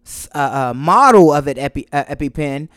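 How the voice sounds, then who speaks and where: A man's voice: on the high side, expressive, moderate pace, fairly bright tone, no room sound, studio quality. A man co-hosting a casual chat, telling a family story animatedly and teasing his wife. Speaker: podcast co-host.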